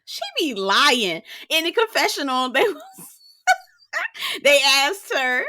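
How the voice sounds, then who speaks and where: A woman's voice: sits high, big pitch swings, slow pace, pushed and bright, dry recording, studio quality. A woman recapping a reality show in casual commentary, sassy and profane, mimicking the cast and laughing often.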